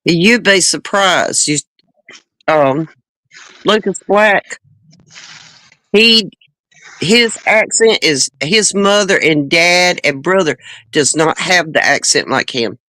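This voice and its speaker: A speaker in a casual group chat who talks haltingly, repeating words and restarting sentences. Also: mid-range voice, expressive, bright, forceful tone, no room sound. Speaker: chat panelist.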